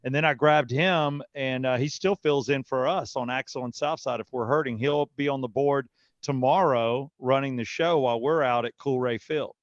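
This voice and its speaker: A man's voice: mid-range voice, moderate pace, dry recording. Radio host guy, jokey and boastful, dry dull sound. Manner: boastful, joking. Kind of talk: casual radio chat.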